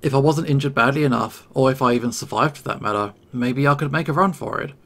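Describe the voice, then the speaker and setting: A man narrates a first-person story in a tense, measured way. His voice is mid-pitched with a gravelly texture. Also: a bit bright.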